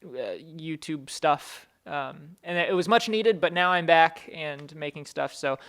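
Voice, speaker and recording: A man hosting a podcast in casual chat, rambling and self-deprecating, his voice slightly hoarse. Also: on the high side, measured pace, fairly bright tone. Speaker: podcast host.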